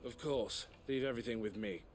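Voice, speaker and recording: An actor playing an earnest, dutiful young man in a video game, with a measured delivery. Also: medium pitch, a little hiss or hum, close to an everyday voice. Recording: game audio with music behind.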